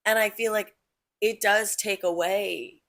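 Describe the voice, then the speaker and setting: A woman's voice: medium pitch, fairly even intonation, measured pace, fairly bright tone. A young woman co-hosting a podcast, chatting casually with lots of "like" fillers as she thinks aloud. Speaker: podcast co-host. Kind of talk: casual chat.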